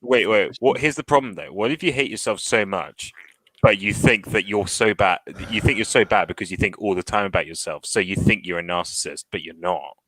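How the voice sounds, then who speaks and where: A man's voice: lowish voice, fairly quick, a bit bright, dry recording, rough recording. A young man on a casual live stream, teasing the others with many hesitations. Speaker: stream guest.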